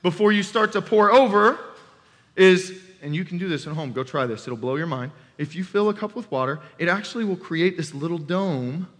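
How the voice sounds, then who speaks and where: A man's voice: sits high, moderate pace, fairly bright tone, big-room sound. A young adult man, a youth pastor, preaching a sermon in a church sanctuary, talking animatedly and conversationally and often asking the congregation questions.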